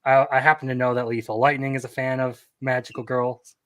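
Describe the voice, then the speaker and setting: A young man co-hosting a casual podcast, speaking in a relaxed, easygoing way with frequent ums. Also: mid-range voice, a little fast, no room sound. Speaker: podcast co-host. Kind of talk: casual chat.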